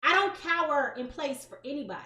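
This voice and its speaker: A woman tarot reader, talking straight to her viewers in a lively, sassy, emphatic way. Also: high-pitched, brisk, reverberant. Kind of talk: casual direct-to-camera chat.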